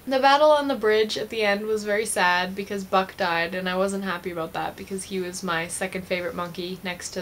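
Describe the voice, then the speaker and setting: A woman's voice: medium pitch, a bit bright. Giggly young woman gushing about a movie. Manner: chatty, gushing fan with frequent giggles. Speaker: vlogger. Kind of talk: casual movie review.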